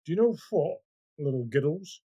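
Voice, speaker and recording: A man's voice: on the high side, normal speed, slightly rough, lo-fi sound. A Scottish man, a guest on a podcast, reading literature aloud and then chatting about it. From Scotland. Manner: animated, broad-voiced reading.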